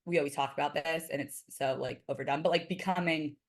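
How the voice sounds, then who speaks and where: A woman in casual podcast conversation, her voice sitting a little low for a woman. She rambles loosely, leaning on "like" and "you know" as she talks. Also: fairly even intonation, quick pace. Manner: chatty, lots of "like" fillers. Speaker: podcast guest. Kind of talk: casual chat.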